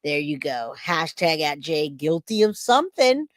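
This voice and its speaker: A woman's voice: deep voice, very animated, unhurried, no room sound, clean studio sound. A woman in her forties hosting a live reaction stream, chatting and joking with her viewers. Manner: chatty, jokey, reads out chat comments. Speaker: livestream reaction host. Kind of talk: casual live-stream chat.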